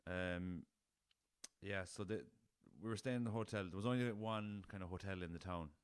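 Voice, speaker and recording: Young irish lad rambling through a story on his podcast, swears a lot, low smooth voice, dry close sound. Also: normal speed, no echo. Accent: Irish, west of Ireland. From Ireland. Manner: rambling anecdotal, swears freely, chuckles. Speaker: podcast host. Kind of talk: casual storytelling.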